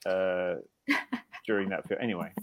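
A man's voice: low-pitched, fairly even intonation, moderate pace, a crowd in the background. A man co-hosting a podcast in casual chat, wry and sarcastic, rambling with restarts. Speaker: podcast co-host.

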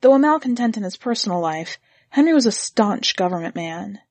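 Woman narrator, husky tone, dry close sound, steady storybook reading. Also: medium pitch, fairly quick, no room sound.

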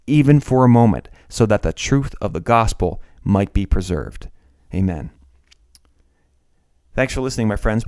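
Male podcast host, mid-pitched, dry and close, incredulous with stammered restarts. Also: a little mellow, no echo. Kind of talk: essay podcast monologue.

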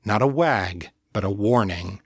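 A male audiobook narrator reads fiction in a low voice at a slow, deliberate pace. The recording is dry and close, with no room sound around it. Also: no echo. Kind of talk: scripted narration.

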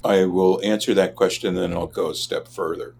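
Low-voiced linguist guy from LA, measured and explain-y, walks through his research. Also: steady tone, vocal fry, darkish tone, slight background noise. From Los Angeles, USA. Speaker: linguist, guest expert. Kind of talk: interview answers.

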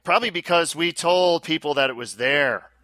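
A man co-hosting a casual podcast over a call, chatty and animated, quick to laugh and ramble. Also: a little high, no echo. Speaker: podcast co-host. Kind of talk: casual chat. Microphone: remote call.

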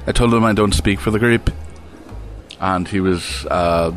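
A man voicing a brash, hard-drinking male robot with a put-on accent, loud and boisterous. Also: sits low, unhurried, soft background music. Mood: grumbling.

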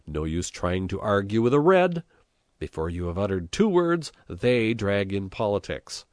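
A man's voice: fairly low pitch, very animated, unhurried, no room sound. A man reading an audiobook, voicing a shrewd, combative village priest who mocks his rival with dry sarcasm. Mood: sarcastic. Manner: mocking, sardonic.

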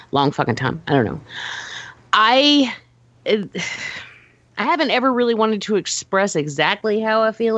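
A woman co-hosting a casual film-review podcast, speaking in a measured, hesitant way with many fillers. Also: lowish voice, no room sound. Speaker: podcast co-host. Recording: dry, dull lo-fi sound.

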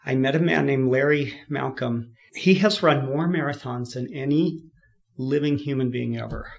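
Gravelly-voiced man telling his story. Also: medium pitch, moderate pace. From California. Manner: lively, laughs often, acts out what people said. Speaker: podcast guest. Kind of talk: storytelling in an interview.

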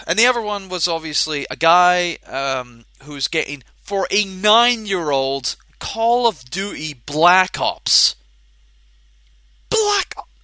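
High-pitched and sharp, this Scotsman's voice is heard on a dry recording. A podcast co-host who also works at a game shop, he goes on an exasperated, swear-heavy rant, repeatedly stumbling, restarting and cutting himself off.

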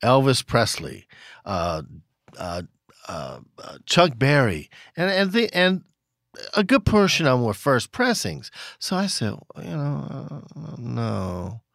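A man spins rambling stories about his record store, stopping and restarting and chuckling as he goes. His voice sits in a middle pitch for a man. The sound is close and dry. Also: big pitch swings, unhurried, a bit bright, no echo. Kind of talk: casual storytelling in conversation.

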